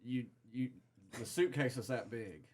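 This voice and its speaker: A man's voice: medium pitch, unhurried, darkish tone, slight background noise. A man, a band manager, joining a casual podcast chat and telling a rambling, informal story.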